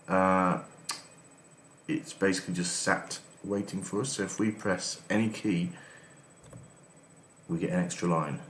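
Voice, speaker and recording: A man's voice: low-pitched, fairly even intonation, unhurried, pauses often, fairly bright tone. A man giving casual let's-play commentary as host, reading game text aloud between his comments. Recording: echoey room with faint noise.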